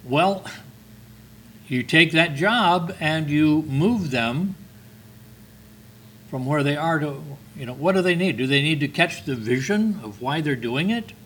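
A man's voice: on the high side, lively intonation, a little slow, pauses often, fairly bright tone, a little hiss or hum, poor audio. An older man preaching a sermon, reading scripture with earnest, emphatic stresses.

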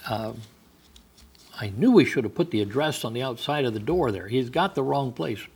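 A man's voice: mid-range voice, expressive, moderate pace, breathy edge. A man voicing a bewildered young woman at home, talking in a puzzled, wry way.

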